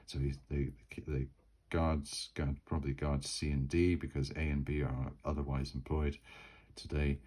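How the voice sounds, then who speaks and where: A man's voice: very deep voice, level tone, normal speed, darkish tone, low-quality recording. A man narrating his solo tabletop role-playing game in a rambling, chatty way. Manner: rambling, many fillers and restarts.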